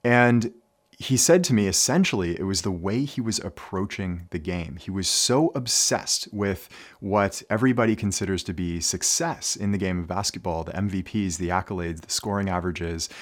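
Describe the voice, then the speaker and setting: A man's voice: deep voice, normal speed. A man talking earnestly to young basketball players, telling a story as a coach. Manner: earnest storytelling, with occasional light laughs. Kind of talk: motivational talk to camera.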